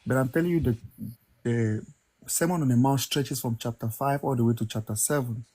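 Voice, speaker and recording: A man's voice: medium pitch, fairly quick, warm tone. A man in a casual debate on a podcast, explaining and defending his view in an earnest way. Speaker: podcast co-host.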